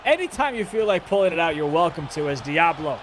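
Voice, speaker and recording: A man calling a live esports basketball game play-by-play, energetic and jokey, rising to shouts on big plays. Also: a little high, fast, background noise.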